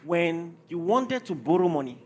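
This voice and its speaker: A man's voice: on the high side, sing-song, moderate pace, slightly rough. A man preaching a sermon to a congregation, driving points home with repeated rhetorical questions.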